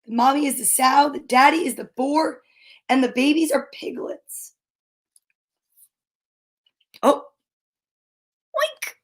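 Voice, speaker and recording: A high-voiced woman reads picture books to young children in a relaxed, chatty style, adding cheerful comments between pages. When she reaches rhyming verse, she slows down into a lilting rhythm.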